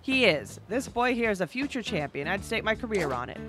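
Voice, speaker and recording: A woman voicing a scheming older male fight manager who coaxes and flatters, with game music behind. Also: medium pitch, a little fast, close to an everyday voice. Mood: boastful. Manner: coaxing, salesman-like.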